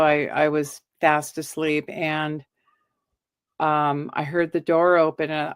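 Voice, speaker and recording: A middle-aged woman with a fairly low voice recounts her own haunting with animated, acted-out quotes. The sound is dry and close, with no room around it. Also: unhurried, clear, resonant tone, no echo. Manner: animated, acts out quoted lines. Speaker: guest storyteller. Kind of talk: telling a personal ghost story.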